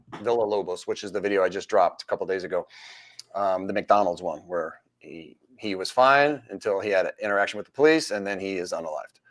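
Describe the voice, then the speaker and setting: A former police officer hosts a live-stream chat in a fairly low voice. He brings street encounters to life, acting them out in different voices.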